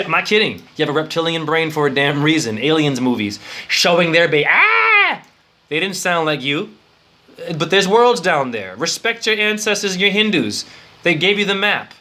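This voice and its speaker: Male spiritual teacher, rambling and profane, bright sharp voice pitched a bit high. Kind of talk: improvised esoteric lecture.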